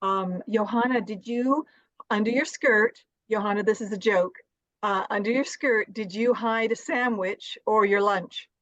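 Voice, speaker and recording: A woman's voice: medium pitch, unhurried, fairly bright tone, no echo, muffled recording. A British woman co-hosting an interview, effusive and full of compliments for her guest. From Britain. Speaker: podcast co-host. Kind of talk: casual interview chat.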